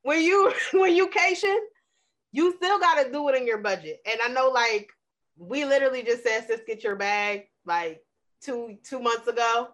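High, bright-voiced woman telling stories. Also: moderate pace. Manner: animated storytelling, laughs often, playful wordplay. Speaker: podcast co-host. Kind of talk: casual chat.

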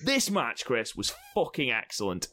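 A man's voice: medium pitch, wildly swooping pitch, normal speed, sharp tone. A young man co-hosting a casual podcast chat, teasing and swearing freely. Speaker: podcast co-host.

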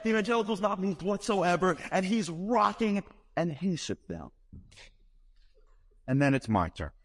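Fast-talking New man telling stories. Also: high voice, in a large hall. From New York. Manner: fast-talking, animated, acts out reactions. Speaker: speaker telling a personal story. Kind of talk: humorous storytelling talk.

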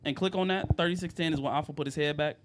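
A man's voice: fairly high pitch, fairly even intonation, very fast, noisy background. A young man hosting a podcast, reading out viewer comments in casual slangy chat and laughing with friends. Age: young adult. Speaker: podcast host.

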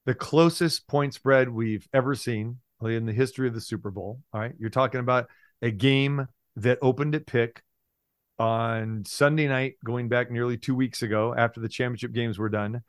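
A man, a sports handicapping radio host, chatting as a guest on a podcast, lively and exuberant, sometimes breaking into loud playful shouting. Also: medium pitch, normal speed, dry recording, clean studio sound. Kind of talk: casual podcast chat.

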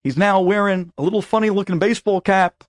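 An animated man tells a personal story, leaning into the dialogue with lively emphasis. His voice is on the high side for a man. The sound is dry and close, with no room around it. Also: fast, no room sound. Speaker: rabbi and storyteller.

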